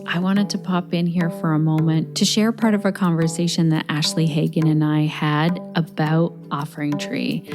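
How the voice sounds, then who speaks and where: A woman with a low voice hosts a podcast and asks curious questions in a relaxed, conversational way. Faint music plays softly underneath her. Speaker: podcast host. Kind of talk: casual interview chat.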